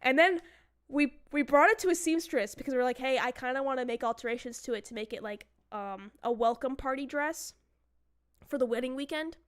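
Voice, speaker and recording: Woman streamer, casual chat, slightly high and smooth, animated storyteller who acts out quotes. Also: fairly quick.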